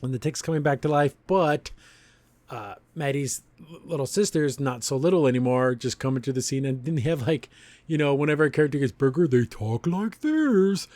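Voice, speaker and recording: A man's voice: medium pitch, brisk, darkish tone, no echo. A man hosting a podcast, retelling a cartoon episode in a casual, rambling way and chuckling often. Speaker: podcast host reviewing a cartoon. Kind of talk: casual review commentary.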